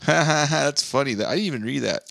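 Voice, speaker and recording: Gravelly joking male podcast co-host. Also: on the high side, normal speed, bright, forceful tone, no echo, clean studio sound. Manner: joking, reads mock news with laughs. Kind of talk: casual comedy podcast chat.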